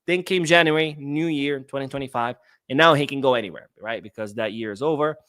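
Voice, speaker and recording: A man's voice: medium pitch, brisk, fairly bright tone, dry recording, clean studio sound. Ranting sarcastic football podcast host, man. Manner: ranting, sarcastic, reads viewer donations. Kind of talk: live-stream football commentary.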